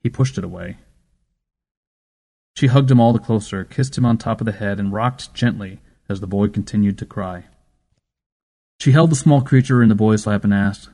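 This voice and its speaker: A man narrating a story in a measured, steady storytelling manner. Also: lowish voice. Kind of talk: scripted audiobook narration.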